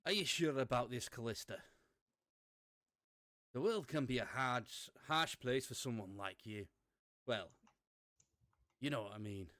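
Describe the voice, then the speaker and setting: A man doing a gruff Scottish dad. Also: medium pitch, lively intonation, a little slow, long pauses, a bit bright, no room sound, studio quality, voice pushed up. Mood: worried. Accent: Scottish, put on. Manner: worried, fatherly.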